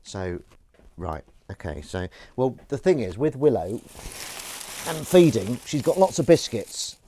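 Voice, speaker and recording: A man's voice: mid-range voice, big pitch swings, unhurried, warm tone, slight background noise. A man hosting a live stream from his kitchen sink, rambling jokily and self-aware as he does the washing up. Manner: chatty, self-aware, jokey. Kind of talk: casual rambling monologue. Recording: clattering dishes and cutlery behind.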